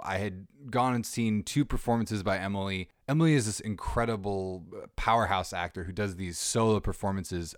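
Podcast host, man, deep voice, loose talky delivery, dry sound. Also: dry recording. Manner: chatty, rambling with fillers and restarts. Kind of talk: casual podcast chat. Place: small black box theater backstage. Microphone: portable recorder.

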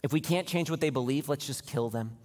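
A man preaching a sermon to his church, building to an impassioned, near-shouting pitch as he retells scenes. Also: brisk. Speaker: pastor. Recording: long hall reverb.

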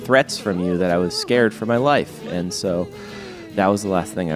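A man's voice: sits low, moderate pace, music in the background. A man co-hosting a comedy podcast, rambling in mock exasperation. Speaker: podcast co-host. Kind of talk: comedic improvised podcast banter.

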